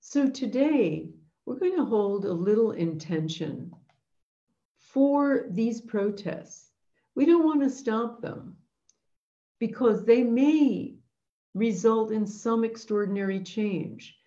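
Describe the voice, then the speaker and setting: A woman's voice: fairly high pitch, lively intonation, slow pace, warm tone, highs cut off. A woman hosting an intention webinar, telling a story in an earnest, reflective way. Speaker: host leading an intention webinar.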